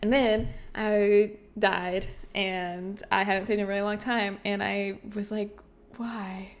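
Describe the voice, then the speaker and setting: A woman's voice: mid-range voice, flat delivery, unhurried. A woman game streamer chatting casually and playfully with her viewers, often giggling. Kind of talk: casual livestream chat with viewers.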